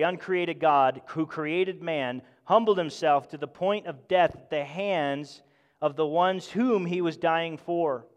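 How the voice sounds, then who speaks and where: A man preaching a sermon with passion, swinging between loud emphatic bursts and hushed, intimate moments. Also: high voice. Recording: long hall reverb.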